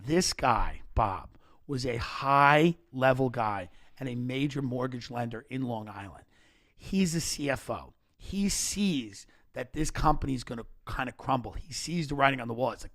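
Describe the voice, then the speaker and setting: A man hosting a comedy podcast, telling stories in animated rants with frequent restarts. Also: medium pitch, moderate pace.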